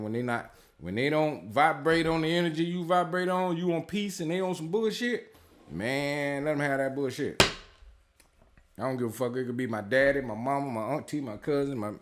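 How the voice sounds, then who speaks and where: Blunt, foul-mouthed man giving life advice. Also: medium pitch. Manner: blunt, heavily profane, street-casual; rambling, repeats himself, lots of fillers. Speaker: tarot reader. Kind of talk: casual spiritual advice monologue.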